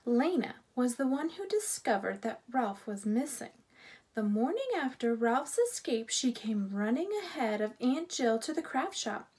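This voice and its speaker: A woman reads a children's storybook aloud, telling it with expressive, animated delivery. Her voice sits fairly high and moves up and down a great deal. She keeps an unhurried pace, with a slightly husky tone. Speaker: storybook reader.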